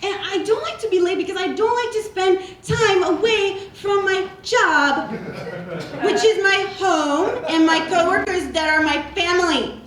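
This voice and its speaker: Brief: comedian plays high-voiced, slow, self-absorbed retail-worker oddball, rambling brags, recorded roomy on a live stage. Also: female voice, distant mic, a crowd in the background. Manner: rambling, repetitive, tacks on "okay?". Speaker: stand-up character comedian. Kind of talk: live character stand-up monologue. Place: stage before a live audience. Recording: roomy live stage sound from afar with audience.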